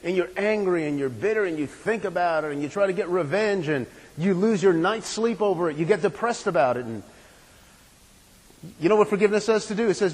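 A man's voice: high-pitched, lively intonation, quick pace, in a large hall, rough recording. A man preaching a sermon in an earnest, emphatic way, asking the room questions and stressing key words.

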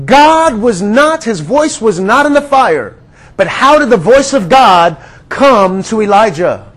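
High-voiced earnest male preacher. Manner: earnest, drops to a hush on quiet words; conversational, addresses listeners as friends. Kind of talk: sermon.

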